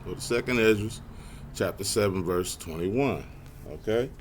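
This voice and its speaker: Low-voiced man teaching scripture. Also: a little hiss or hum. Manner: casual, repeats verses slowly, adds "man" and "y'all". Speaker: Bible teacher. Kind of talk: scripture lesson, reading verses slowly.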